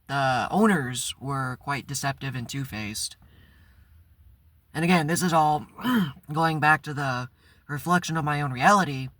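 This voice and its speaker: A man's voice: medium pitch, bright, forceful tone. Guy ranting on his vlog, swears a lot, punchy tense voice, no room echo. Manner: candid, blunt, swears freely. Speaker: channel host. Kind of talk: casual vlog storytelling.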